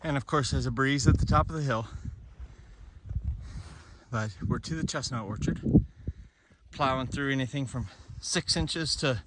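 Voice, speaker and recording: A chestnut farmer, a man, out of breath as he trudges through deep snow outdoors and explains his orchard in a plainspoken, casual way. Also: unhurried, pauses often, very noisy. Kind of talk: casual walking vlog narration. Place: outdoors in a snowy hillside orchard.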